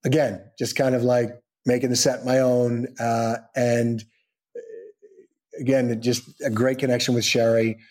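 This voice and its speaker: A middle-aged man, a soap actor being interviewed, telling anecdotes casually and acting out the people in them with lively, raised voices. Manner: animated storyteller, acts out quoted voices in high pitch. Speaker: soap opera actor guest.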